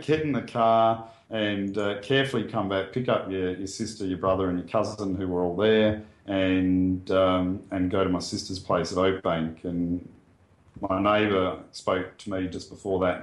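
An Australian man speaks in a plain, earnest, conversational way, often pausing with ums and restarting sentences. His voice sits a little low, and the room around him rings with echo. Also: steady tone. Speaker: guest sharing a bushfire story. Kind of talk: casual spoken recollection. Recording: roomy echo.

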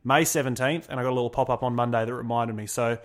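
A man's voice: mid-range voice, quick pace. A young Australian man hosting a casual sports podcast, blunt and joking. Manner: blunt, joking, lively banter. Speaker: podcast host.

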